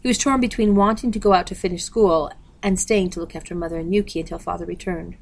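A woman's voice: on the low side, fairly even intonation, quick pace, creaky, a little mellow, poor audio. A woman steadily reading a novel aloud, announcing page numbers. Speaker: audiobook reader.

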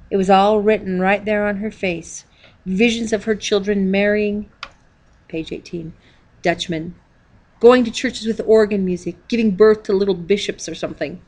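A woman's voice: medium pitch, darkish tone. A woman reading a diary-style children's book aloud, calling out the page numbers as she goes. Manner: reads page numbers aloud, measured storytelling. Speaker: reader.

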